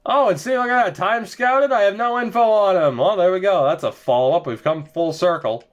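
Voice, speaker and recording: A man's voice: sits high, a little fast, lo-fi sound. A young man giving sarcastic, exasperated commentary over a hockey video game as he plays. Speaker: gaming video creator. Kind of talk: let's-play commentary.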